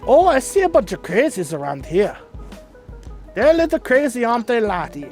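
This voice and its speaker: A man's voice: very high voice, huge pitch swings, moderate pace, a little mellow, soft background music, voice pushed up, full character voice. A man doing a hammy, put-on Scottish accent as a rowdy male brawler. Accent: mock Scottish, put on. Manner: hammy, exaggerated.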